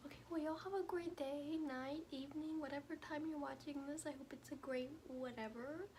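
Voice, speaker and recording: A woman's voice: high voice, fairly even intonation, moderate pace. A young woman, chatting playfully in a casual vlog with her dog. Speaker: vlogger. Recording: noisy phone recording with background noise.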